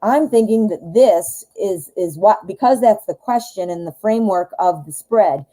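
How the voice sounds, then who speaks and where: Chatty woman reading tarot, mellow voice. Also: mid-range voice, normal speed, rough recording. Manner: chatty and enthusiastic, talks straight to the viewer. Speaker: tarot reader hosting a live show. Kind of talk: live-stream tarot reading.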